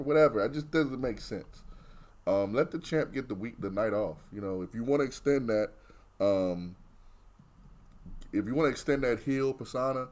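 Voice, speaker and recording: A man's voice: on the low side, darkish tone. A man co-hosting a podcast, giving blunt, opinionated takes in casual, profane chat. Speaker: podcast co-host.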